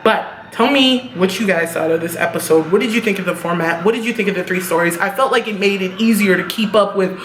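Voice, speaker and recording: A young woman casually reviewing a TV episode, animated and profane, laughing at her own reactions. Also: medium pitch, quick pace, few pauses. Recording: echoey room with faint noise.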